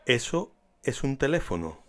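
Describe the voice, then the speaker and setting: A man teaching a beginner language lesson in a deliberate, clearly enunciated scripted style. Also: mid-range voice, sing-song.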